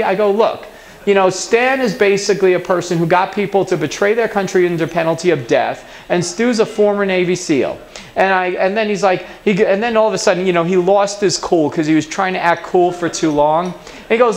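Speaking in a conference hall, a man with a high-sitting voice talks briskly against slight background noise. He's an animated storyteller giving a conference talk, and he mimics the voices of the people in his anecdote.

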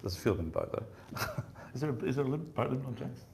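A man's voice: mid-range voice, big pitch swings, very fast, vocal fry, darkish tone, a little hiss or hum. A man giving a fishing seminar, telling rambling stories in a casual chatty way and laughing often. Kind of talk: casual storytelling talk. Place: seminar room with audience.

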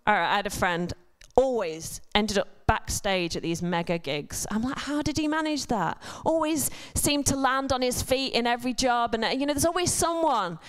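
A woman preaches to a church congregation in a relaxed, chatty way. Her voice sits a little high and sounds smooth and resonant. She drifts into self-deprecating humor and quick asides. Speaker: church speaker. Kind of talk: conversational sermon. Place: church service before a congregation.

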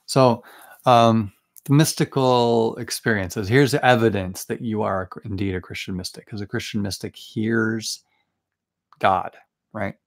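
A man's voice: fairly low pitch, steady tone, unhurried. Earnest man giving a casual sermon. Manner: conversational, earnest, with restarts and asides. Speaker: preacher hosting a Bible study. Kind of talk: informal sermon.

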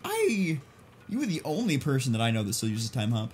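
A man's voice: medium pitch, wildly swooping pitch, a little fast, darkish tone, slight background noise. A young man co-hosting a casual let's-play, rambling and joking with a friend and laughing often. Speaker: co-host of a gaming channel.

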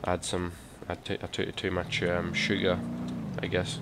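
An energetic young man giving excitable, swear-heavy commentary on a driving game. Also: deep voice, moderate pace. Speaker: gaming YouTuber. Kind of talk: gameplay commentary. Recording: loud game car noise behind.

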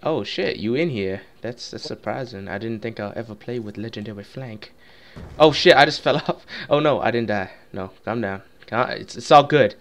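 A man's voice: medium pitch, normal speed, a bit bright. A man co-hosting a gaming video, laughing a lot and swearing as he mocks his own skills in casual banter over a headset. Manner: laughing often, profane, self-mocking. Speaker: gaming channel co-host.

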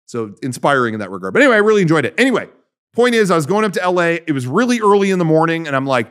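A man's voice: on the high side, big pitch swings, rapid-fire, fairly bright tone. A man co-hosting a podcast in casual chat, rambling with lots of fillers and restarts. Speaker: podcast co-host.

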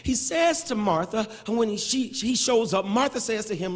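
A male pastor preaching a sermon, building into shouted, sing-song cadences with touches of humor. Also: high voice, expressive, moderate pace. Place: large church sanctuary. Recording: long church reverb.

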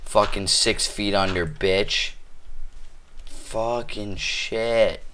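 A man with a lowish voice curses his way through a game session at a slow, dragging pace. He yells insults at the animals in the game, then sinks back into bitter muttering. There is a faint hiss in the background. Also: steady tone. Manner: swears constantly, trash-talks game animals; flips between angry yelling and muttering. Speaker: gamer. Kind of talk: cursing let's play commentary.

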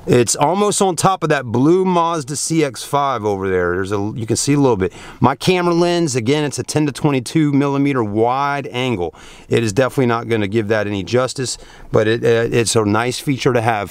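A man's voice: medium pitch, clear, resonant tone, no room sound. Man, tired car vlogger, folksy and chatty, mid-range voice, camera mic. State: hot and tired after a long day. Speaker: car reviewer filming at a dealership. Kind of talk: casual walkaround car review. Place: outdoors at a car dealership at night, then inside a car.

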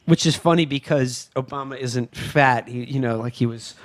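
A man co-hosting a podcast in casual chat, halting and restarting his sentences often. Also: medium pitch. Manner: halting, with frequent restarts and stammered repeats. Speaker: podcast co-host.

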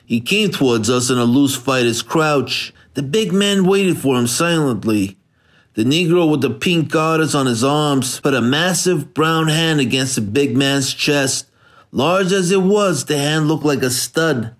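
Male audiobook narrator, mid-pitched, measured, hardboiled crime read. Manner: measured, steady storytelling. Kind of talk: scripted narration.

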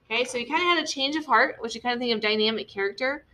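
Bright-voiced woman teacher, patient and clear. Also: a little high, very fast. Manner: patient, explains step by step with frequent "okay?" checks. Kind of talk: classroom lesson on story structure.

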